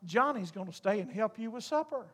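A man's voice: high-pitched, expressive, brisk, fairly bright tone. A man voicing a sly, teasing little girl in a sermon story.

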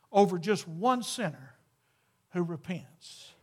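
Man, pastor, sermon, very high-pitched, slow, fervent and emphatic. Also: animated, a bit bright. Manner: fervent, emphatic, builds to exclamations. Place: church sanctuary with congregation.

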